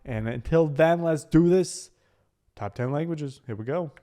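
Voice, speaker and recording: A man's voice: a little high, a little slow, mellow. An American man co-hosting a reaction video, joking around in casual chat. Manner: jokey, breaks into silly put-on voices.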